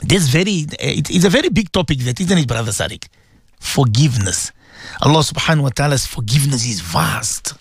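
A man hosts a morning sermon on the radio, high-pitched for a man and full of emphatic repetition. His gravelly voice leaps around as he fires rhetorical questions at his audience. The sound is dry and close to the studio microphone. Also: a bit bright, no echo. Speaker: radio host giving a religious talk.

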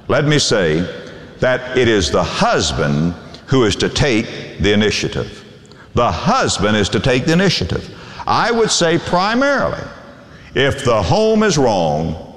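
A man's voice: a little high, fairly bright tone. A man preaching a sermon as pastor, reading scripture aloud in old English and swinging his voice up and down for emphasis. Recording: long hall reverb.

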